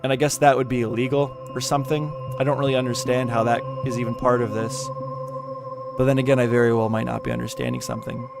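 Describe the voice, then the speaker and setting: A man's voice: medium pitch, little pitch movement, fast, creaky. Man, casual commentary, reads aloud, exasperated, swears, music in background. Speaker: commentary YouTuber. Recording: music playing behind the voice.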